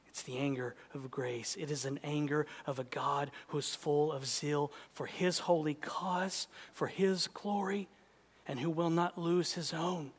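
A male preacher delivering an impassioned sermon, swinging from loud urgency to hushed intensity. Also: a little high, long reverb tail.

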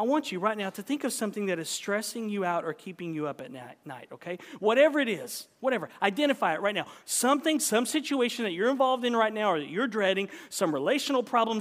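A man preaching a sermon, swinging between loud emphatic calls and hushed near-whispers and repeating key phrases with shifting stress. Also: high-pitched. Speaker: pastor. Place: large church sanctuary. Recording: church sanctuary with long reverb.

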